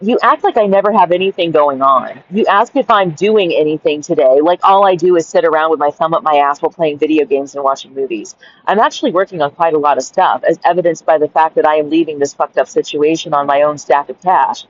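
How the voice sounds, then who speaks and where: A woman's voice: low voice, a little fast, few pauses, no room sound. Woman ranting thru her journal, cussing, fed up, kinda muffled lo-fi audio. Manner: blunt, profane, exasperated. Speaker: caregiver. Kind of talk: reading a journal aloud and ranting.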